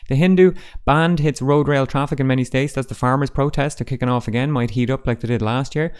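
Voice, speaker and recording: Fast-talking man, dry sarcasm. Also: mid-range voice, clear, resonant tone. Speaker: host. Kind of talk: casual front-page newspaper roundup.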